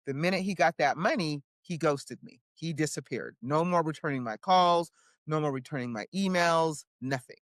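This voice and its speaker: Her voice is deep and moderately paced, captured dry at studio quality. She's an indie author and publisher guesting in a casual interview, telling her story with animation, performing quoted voices and tacking on "right?" again and again.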